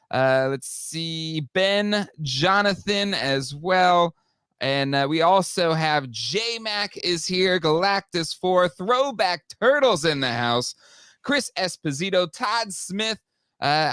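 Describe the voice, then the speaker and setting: A male talk show host with a high, bright voice, upbeat and chatty. He fills gaps with quick "uh"s and laughs. The sound is close and dry. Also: clear, resonant tone, no room sound. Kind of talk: live toy talk show, reading out chat names.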